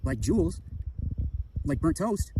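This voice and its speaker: A man's voice: a little high, big pitch swings, slow, noisy background. A man ranting at someone in an aggressive, profane, insulting way. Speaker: caller in a feud. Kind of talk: insulting rant.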